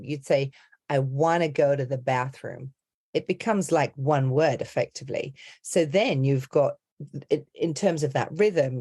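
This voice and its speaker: A woman's voice: sits low, dark tone. A middle-aged woman, an accent and dialect coach, explaining her methods in a rambling, chatty podcast interview. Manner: chatty, rambling, heavy on "you know, like".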